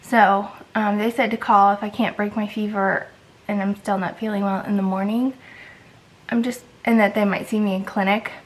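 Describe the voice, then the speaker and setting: A woman's voice: mid-range voice, little pitch movement, moderate pace, low-quality recording. A sick woman with a congested voice, chatting casually and rambling through a home vlog. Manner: tired, rambling, many likes and restarts. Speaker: vlogger.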